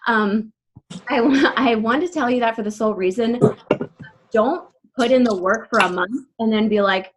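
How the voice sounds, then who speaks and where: A woman in her thirties speaks on a team call in a fairly high voice, her words tumbling out fast and breathless with many "like" fillers. Her voice shakes with emotion as she talks to her team. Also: noisy background. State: voice shaking with emotion. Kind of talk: casual personal story on a team call.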